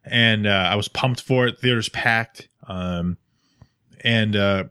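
A podcast co-host with a lowish, clear, resonant voice speaks slowly in a dry, studio-quality recording. He tells a story in casual chat, animatedly acting out the quotes.

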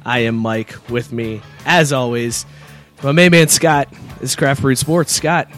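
A man co-hosting a casual sports podcast in a relaxed, joking way, with a Cincinnati accent. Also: mid-range voice, faint music behind. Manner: laid-back, joking, quick to laugh. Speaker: podcast co-host. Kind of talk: casual chat.

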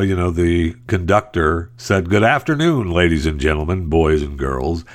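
A man hosting a podcast in casual solo commentary, with sarcastic, mocking asides. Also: low voice. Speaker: podcast host.

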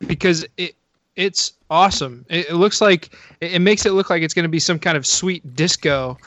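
Man, fairly high voice, eager co-host, dry close recording. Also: moderate pace, a bit bright, no echo. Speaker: podcast co-host. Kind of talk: casual chat.

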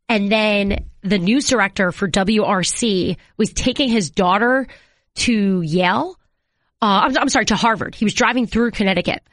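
Woman, thirties, interview guest, lively storytelling, acts out quotes, dry close sound. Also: dry recording. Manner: animated, acts out quotes with pitch jumps. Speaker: interview guest, TV sports anchor. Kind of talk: conversational storytelling.

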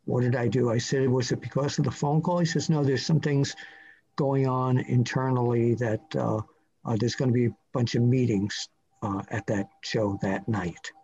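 A man's voice: mid-range voice, steady tone, normal speed, a little mellow, slight background noise. Older New man, interview guest, rambling anecdotal storyteller, muffled lo-fi sound. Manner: rambling, anecdotal, with many fillers and restarts. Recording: muffled lo-fi audio.

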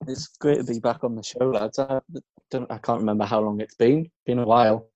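A tired man talking as a guest on a casual sports podcast, rambling and halting. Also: medium pitch, fairly even intonation, a little mellow, muffled recording.

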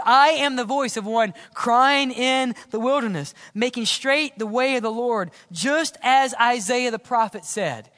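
A man's voice: sits high, bright, forceful tone. A man preaching a sermon in a church, earnest and conversational, asking the congregation rhetorical questions. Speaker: pastor. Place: church sanctuary. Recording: long church reverb.

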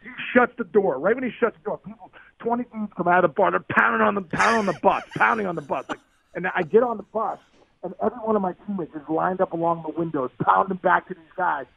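Fast-talking gravelly man on a phone line. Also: high-pitched. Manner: excitable, acts out the voices of people in his stories. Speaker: guest, former pro baseball player. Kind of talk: animated storytelling in a podcast interview. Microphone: phone call. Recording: tinny dry phone line.

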